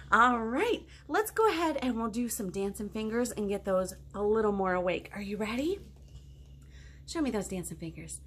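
A woman's voice: mid-range voice, big pitch swings, normal speed, fairly bright tone, breathy edge. A woman children's librarian reading picture books aloud and asking the children questions. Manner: playful, asks the kids questions.

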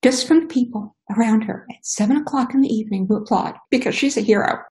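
A woman's voice: on the high side, fast talker, darkish tone, rough recording. A middle-aged woman from Indiana giving an emotional, impassioned testimony, her voice pleading and at times breaking.

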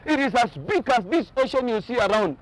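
Male pastor, very high voice, emphatic repetitive preaching style. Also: animated, brisk, rough recording. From Kenya. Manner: emphatic preaching with repeated phrases. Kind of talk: sermon. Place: outdoors on a boat by the ocean.

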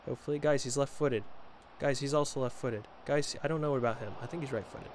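A man's voice: fairly high pitch, fairly quick, few pauses, slight background noise. A man giving casual, joking commentary while playing a football video game, chatting to his viewers and to the players on screen. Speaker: gaming video creator.

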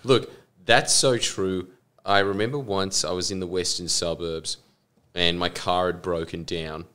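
A man's voice: sits low, unhurried, smooth. A man chatting on a podcast, joking and telling stories, mimicking other people's voices. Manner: joking storyteller, mimics voices, lively delivery. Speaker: podcast co-host. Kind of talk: casual chat.

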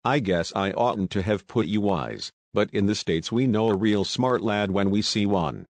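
A daring young woman sleuth, as a man puts her on leans in with sly, breezy talk and mock-American slang. The voice sits fairly low. It sounds dry and close. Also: normal speed, no echo. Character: bold playful young woman sleuth, posing as an American detective.

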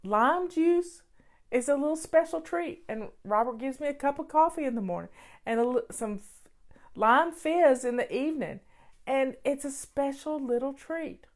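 A woman's voice: high voice, expressive, normal speed. A woman hosting a casual question-and-answer show, giving affectionate, encouraging advice to her viewers.

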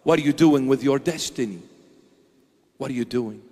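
A man's voice: medium pitch, moderate pace, dark tone, breathy edge, big-room sound. A man preaching a sermon as a bishop, emphatic, firing off repeated rhetorical questions.

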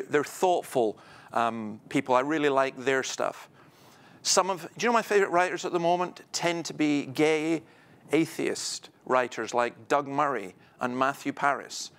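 Man, middle-aged, slightly higher voice, anecdotal speaker with dry humour. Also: a bit bright. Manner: conversational, anecdotal, wry. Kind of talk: public talk. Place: event venue.

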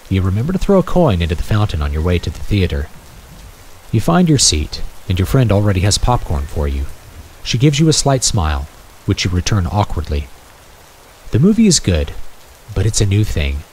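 A man's voice: sits low, a little mellow, slight background noise, rough recording. A man reading a second-person story aloud in a wry, nostalgic storytelling manner. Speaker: narrator. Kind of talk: scripted second-person narration.

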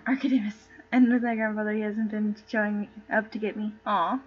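A woman's voice: medium pitch, steady tone, moderate pace, breathy edge. A woman who streams herself reading a play aloud and chatting casually. She is giggly and rambling, and she stumbles over names. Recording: dull lo-fi stream audio.

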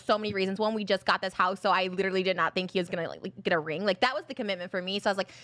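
A woman chatting on a podcast, excitable and gushing, filling her talk with "like.". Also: mid-range voice, very fast. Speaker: podcast guest. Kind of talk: casual chat.

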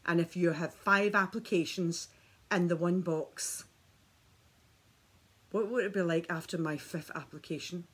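A husky woman with a low voice chats to her viewers while filming herself at home. She is enthusiastic and keeps talking straight to the camera, heard through the camera mic. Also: fairly even intonation, a little slow, pauses often, a bit bright. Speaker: beauty vlogger. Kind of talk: chatty product demonstration.

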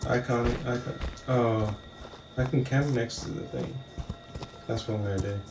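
Over music, a gamer playing the killer grumbles and curses in frustration while commenting live on his match. His medium-pitched voice has vocal fry and fairly even intonation at normal speed, and loud game sirens echo through the room.

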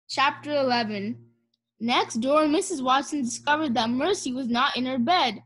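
A woman narrating a children's storybook with clear, measured pacing. Her voice is high. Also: a bit bright. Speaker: audiobook reader. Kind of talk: children's storybook read-aloud.

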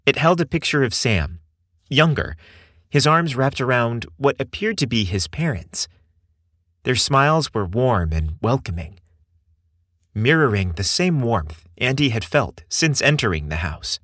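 A man reading a scripted story aloud with expressive, measured storytelling. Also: medium pitch, no echo, clean studio sound. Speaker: narrator.

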